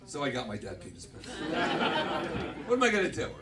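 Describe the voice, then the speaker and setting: A man's voice: a little high, huge pitch swings, a little fast, a loud crowd, heavy background noise. A middle-aged man hosting a comedy club night, doing stand-up with rambling, self-interrupting punchlines. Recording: distant mic, loud live audience. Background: audience laughter.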